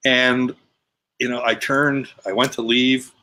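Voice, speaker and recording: A man's voice: mid-range voice, little pitch movement, slow pace, bright, forceful tone. A man guest telling a personal story in casual, emphatic conversation. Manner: emphatic, retelling with quoted dialogue.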